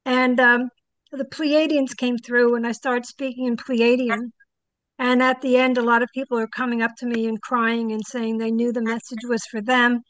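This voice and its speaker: A woman's voice: a little high, dry recording. An older woman, a psychic guest, telling stories in a casual interview and animatedly acting out the people she quotes.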